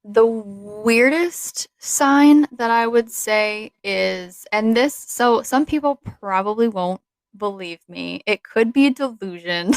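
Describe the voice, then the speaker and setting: A woman's voice: on the high side, slow, no echo, poor audio. A young woman co-hosting a podcast, chatting casually with a rambling, giggly manner and many fillers. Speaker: podcast co-host. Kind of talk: casual chat.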